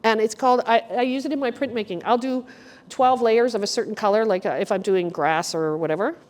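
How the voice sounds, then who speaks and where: A middle-aged woman curator giving a chatty, animated walk-through talk to a group in an art gallery. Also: on the high side, a little fast. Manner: chatty, animated storyteller, addresses the group directly. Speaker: guest curator. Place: art gallery exhibition room.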